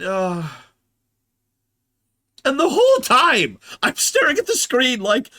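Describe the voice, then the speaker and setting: A man's voice: very high voice, wildly swooping pitch, slow, pauses often, bright, forceful tone, dry recording, studio quality. A man giving casual stream commentary as a game reviewer, blunt and sarcastic, acting out scenes with theatrical flair.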